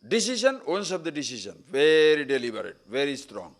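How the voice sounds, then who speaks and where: A man's voice: fairly high pitch, sing-song, brisk. A man giving a spiritual talk at a retreat camp, telling stories animatedly and acting out the speakers he quotes. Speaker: spiritual teacher. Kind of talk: spiritual discourse.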